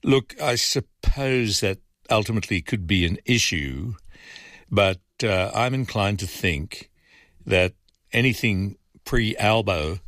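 A man's voice: fairly low pitch, animated, slow pace, fairly bright tone, no echo, studio quality. A man hosting a talkback radio show, reading listener messages aloud and giving frank, conversational opinions with frequent ums and uhs. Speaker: fill-in talkback radio host.

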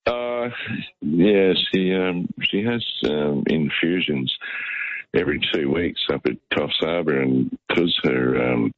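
A man's voice: very deep voice, takes it slowly, no room sound. A middle-aged Australian man calling in to a radio show, telling a rambling story full of restarts. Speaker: caller. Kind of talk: phone-in chat. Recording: muffled phone line.

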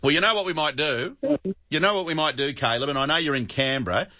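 An Australian radio host chats easily with callers, friendly and quick to call them mate. His voice is bright and forceful. The broadcast sound is a little dull. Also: on the high side. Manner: chatty, friendly, says mate often. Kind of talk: talkback radio chat.

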